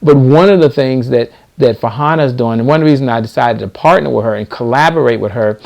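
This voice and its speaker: A man's voice: mid-range voice, fairly quick, gravelly, darkish tone. A middle-aged man hosting a live stream, speaking in a preachy, motivational way and repeating key lines for emphasis. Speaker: host.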